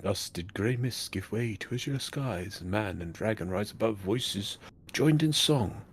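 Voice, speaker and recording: A man reading a game's narration aloud in a formal, measured way. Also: fairly low pitch, expressive, a little hiss or hum. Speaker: co-player reading game text.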